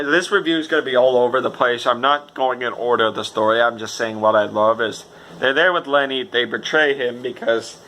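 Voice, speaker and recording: A man giving a casual, rambling video game review, excitable and swearing freely. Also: medium pitch, slight background noise, poor audio.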